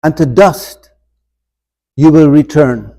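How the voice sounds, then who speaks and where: A man's voice: fairly high pitch, slow, creaky, dark tone, poor audio. A man leading an informal church adult forum, asking the group questions and acting out scripture dialogue with humor. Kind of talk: informal Bible class teaching. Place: church room.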